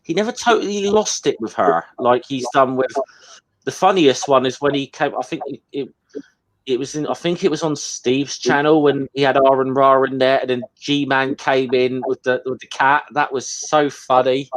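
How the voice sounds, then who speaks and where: A man's voice: mid-range voice, moderate pace, rough recording. British male guest, chatty and teasing, casual talk. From Britain. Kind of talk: casual chat.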